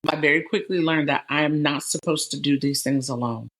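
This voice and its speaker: Middle-aged woman hosting a podcast, lively and chatty, keeps saying y'all. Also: low voice, a little fast. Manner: animated, addresses listeners as y'all. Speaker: podcast host. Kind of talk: conversational interview.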